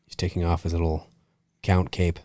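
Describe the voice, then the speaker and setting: A man's voice: low-pitched, monotone, moderate pace, warm tone, no echo. A man co-hosting a live film commentary in a laid-back way, chuckling often and reading viewer comments aloud. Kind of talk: live movie commentary chat.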